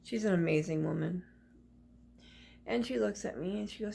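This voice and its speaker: A woman's voice: medium pitch, moderate pace, vocal fry, long pauses, dark tone, slight background noise. A woman vlogger speaking into her phone camera, telling a personal story in a rambling, confiding way with many restarts.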